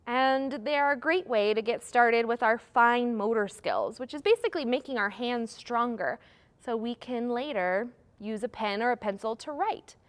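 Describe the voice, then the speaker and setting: A woman's voice: on the high side, moderate pace. A young adult woman, a children's librarian, leading a storytime with rhymes, gasps and animal noises for small children.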